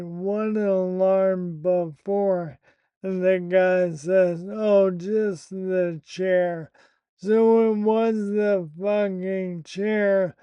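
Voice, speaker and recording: A man telling a personal story in a candid, profane monologue, slow and matter-of-fact. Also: high-pitched, smooth, no echo, muffled recording. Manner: slow, candid and profane, recounting an upsetting event.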